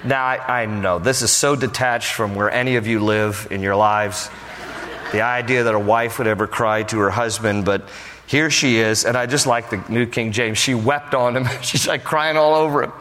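Humorous, animated male preacher. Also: medium pitch, normal speed, slight background noise. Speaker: pastor. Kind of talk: sermon. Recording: long reverb of a large hall.

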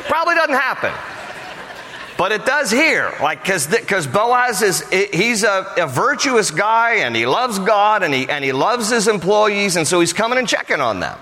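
A man's voice: sits high, sing-song, moderate pace, pushed and bright. A man preaching a sermon, joking conversationally and telling the story with plenty of animation. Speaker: pastor. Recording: hall reverb.

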